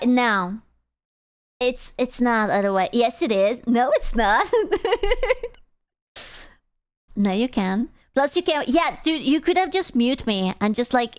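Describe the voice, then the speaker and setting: A woman's voice: a little high, measured pace, clear, resonant tone. A woman streamer chatting casually with her viewers, blunt and playfully teasing. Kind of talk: casual live-stream chat.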